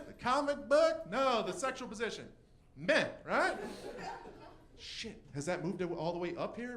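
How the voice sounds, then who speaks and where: A young man doing a stand-up comedy set, telling a story with quick voice switches for the people in it. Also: fairly high pitch, a bit bright. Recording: echoey room.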